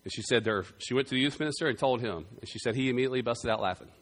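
A man preaching a sermon, telling a story with loud bursts that drop to quiet, earnest passages. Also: mid-range voice, very fast. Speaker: pastor.

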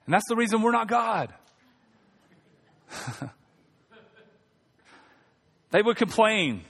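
A man's voice: high-pitched, slow, long pauses. A man preaching a sermon as pastor, reading scripture and joking with the congregation. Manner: joking, animated preaching with audience asides. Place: church sanctuary. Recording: long reverb of a church hall.

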